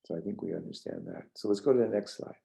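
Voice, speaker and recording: An older man from the New York suburbs leading a parenting workshop, telling a childhood story and guiding exercises in a rambling, gentle way with many restarts. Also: low voice, quick pace, creaky, rough recording. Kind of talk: casual storytelling lecture.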